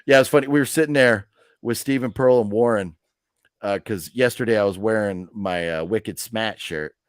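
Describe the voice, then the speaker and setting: A man's voice: on the low side, moderate pace, dry recording, clean studio sound. A man hosting a live movie news stream, telling stories in a rambling, chatty way with lots of fillers. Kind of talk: casual chat.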